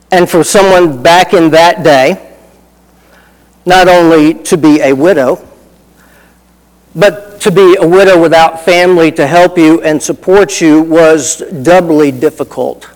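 A man's voice: fairly high pitch, long reverb tail, low-quality recording. A middle-aged man preaching a sermon in a folksy, conversational way, telling personal stories with asides. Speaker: pastor.

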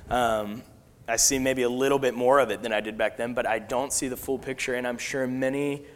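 A man preaching a sermon, telling a personal story in an earnest, halting way with fillers and restarts. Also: mid-range voice, a bit bright, big-room sound.

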